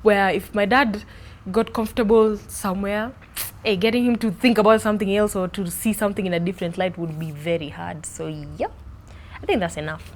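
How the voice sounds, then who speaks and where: A young woman, answering interview questions in an animated, expressive way about her life and podcast. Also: medium pitch, brisk. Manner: animated, expressive, playful with accents. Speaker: podcast host being interviewed. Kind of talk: casual interview chat.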